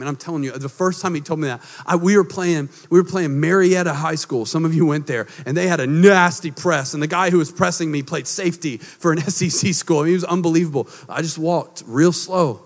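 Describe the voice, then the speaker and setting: A man, preaching a sermon as a pastor. He swings from hushed, quiet lines to loud, emphatic ones. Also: sits high, fairly quick. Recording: long hall reverb.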